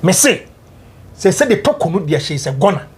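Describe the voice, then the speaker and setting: A man's voice: high-pitched, very animated, brisk, slight background noise. A man with a Ghanaian English accent, debating politics on a talk show and mixing in Twi. He is emphatic and keeps repeating his points. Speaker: political panelist.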